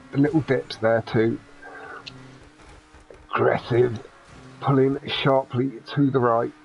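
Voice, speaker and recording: A man giving live play-by-play commentary on an online race, brisk and friendly with some teasing. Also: gravelly, a little hiss or hum. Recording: dull low-fidelity mic.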